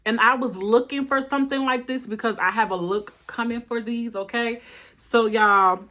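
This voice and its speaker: A woman hosting a casual fashion haul vlog, animated and talking straight to her viewers, tired and a bit out of breath. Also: a little high, moderate pace.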